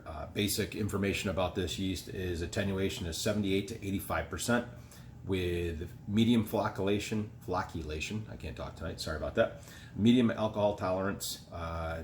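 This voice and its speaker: Deep-voiced, rambling homebrew reviewer man. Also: slight background noise. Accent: rural American. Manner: relaxed, rambling, many fillers. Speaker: homebrewing video host. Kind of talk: casual beer review.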